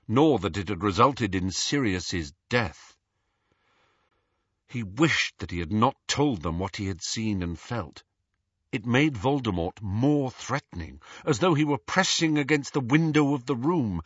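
A man reading a story aloud in an expressive, measured storytelling manner. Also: lowish voice, slightly rough, no room sound. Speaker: audiobook narrator. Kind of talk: scripted narration. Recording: dull lo-fi audio.

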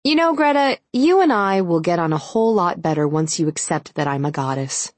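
A woman's voice: on the low side, lively intonation, brisk, no echo. A woman voicing a sassy, mocking young alpha she-wolf. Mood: mocking tease. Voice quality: mocking, sarcastic. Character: sassy young alpha female werewolf, teasing.

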